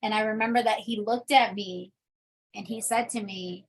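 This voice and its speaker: A young adult woman telling her personal testimony in an interview, in a casual, animated storytelling manner. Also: medium pitch, moderate pace. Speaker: interview guest.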